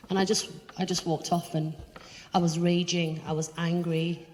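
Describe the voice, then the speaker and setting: Low-voiced woman speaker telling personal stories with lively acted-out voices, recorded live in a reverberant hall. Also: a little fast, a little hiss or hum. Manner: animated storyteller, acts out others' voices. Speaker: charity chief executive giving a talk. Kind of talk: personal talk to an audience. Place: event hall, walking around away from the podium.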